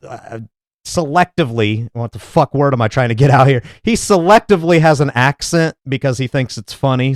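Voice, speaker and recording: A man's voice: mid-range voice, clear, resonant tone, dry recording. A man hosting a commentary podcast, talking in a casual, sarcastic and mocking way. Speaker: podcast host and critic. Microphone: studio mic. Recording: dry close-mic sound.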